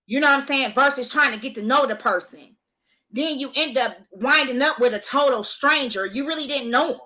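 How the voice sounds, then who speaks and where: A woman's voice: high voice, brisk, bright, forceful tone. A woman hosting a casual chat, blunt and slangy, speaking with emphasis. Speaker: host.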